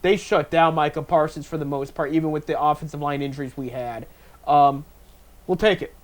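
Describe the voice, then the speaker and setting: A man's voice: on the high side, steady tone. A man in his thirties hosting a casual sports talk show, running through football picks with frequent restarts and filler phrases. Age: 30s. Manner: halting, restarts and "there you go" fillers. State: talking with a stuffed face.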